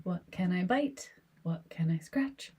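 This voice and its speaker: A woman's voice: fairly low pitch, animated, takes it slowly, a little mellow, slight background noise. A woman voicing her mischievous cat's thoughts as a string of eager, singsong questions.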